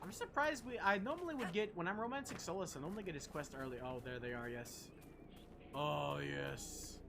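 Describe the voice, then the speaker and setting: A man's voice: high voice, expressive, fast talker, noisy background. A young man streaming a video game, rambling casually, swearing and chatting to his viewers. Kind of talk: casual gameplay commentary.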